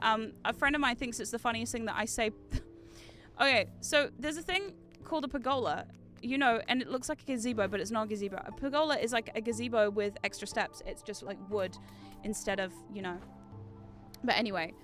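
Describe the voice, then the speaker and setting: A young woman from the UK with a British accent softened by New Zealand, chatting casually while streaming a game, rambling on tangents and swearing freely. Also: medium pitch. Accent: British mixed with New Zealand. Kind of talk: casual gaming stream chat.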